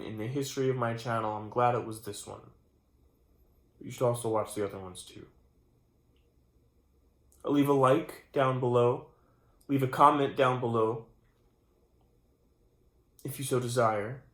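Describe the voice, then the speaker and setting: Sleepy man rambling in an echoey room. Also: mid-range voice. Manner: rambling, mock-serious, trails off and restarts. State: sleepy and tired late at night. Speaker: channel host. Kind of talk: rambling mock-serious rant to camera. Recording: roomy echo.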